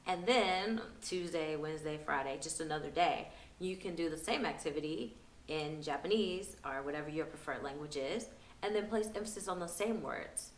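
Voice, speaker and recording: A woman's voice: low-pitched, normal speed, slight background noise. A young woman giving parenting tips in a casual, upbeat vlog, chatty and laughing easily. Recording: roomy echo.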